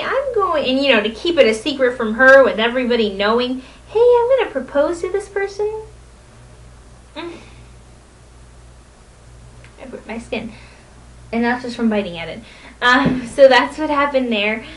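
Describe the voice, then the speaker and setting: A woman's voice: fairly high pitch, low-quality recording. A woman vlogging a casual, rambling recap of a convention weekend from home, telling stories with giggles. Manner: rambling, excitable storytelling with giggles.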